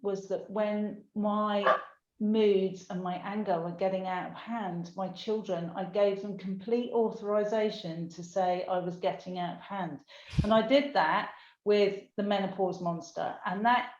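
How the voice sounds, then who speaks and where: An older woman talking in a heartfelt, emotional, unhurried way during a casual conversation. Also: medium pitch, fairly even intonation, darkish tone, slight background noise. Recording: echoey room, dull lo-fi sound.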